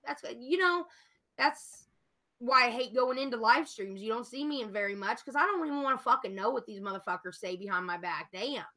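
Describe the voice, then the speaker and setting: A woman's voice: on the high side, fairly quick, bright, forceful tone. A woman venting angrily and profanely in a casual livestream chat. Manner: profane, heated, ranting. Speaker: livestream guest.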